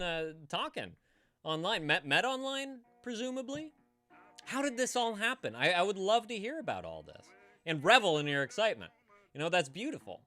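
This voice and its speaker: A man with a bright, forceful voice that swings widely in pitch, chatting casually on a live stream. He rambles, swears freely and stumbles into restarts. Faint music plays behind him. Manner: rambling, profane, stammers and restarts. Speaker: streamer hosting a call-in show.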